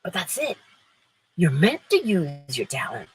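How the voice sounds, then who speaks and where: A woman's voice: on the low side, sing-song, measured pace, slight background noise, rough recording. A woman hosting an inspirational morning livestream, playful and emphatic, laughing often and answering viewers in the chat. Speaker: livestream host.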